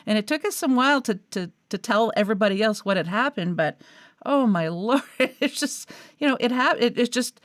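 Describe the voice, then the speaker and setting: A woman's voice: a little high, brisk, no echo, studio quality. A woman hosting a paranormal podcast, chatting casually over a video call and laughing often. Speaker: podcast host. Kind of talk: casual chat.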